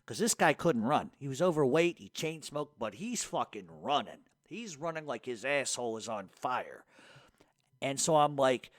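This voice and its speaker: Profane, animated male podcast host. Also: mid-range voice, moderate pace, no room sound. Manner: profane, laughs often, animated storyteller. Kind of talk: casual storytelling and Q&A.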